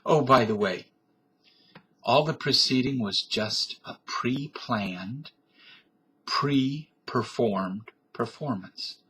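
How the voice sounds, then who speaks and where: A man's voice: medium pitch, slow, sharp tone, slightly rough. A middle-aged man from Canada giving a defiant, blustering comic rant to his webcam, tough-talking and profane. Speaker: vlogger. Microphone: webcam microphone.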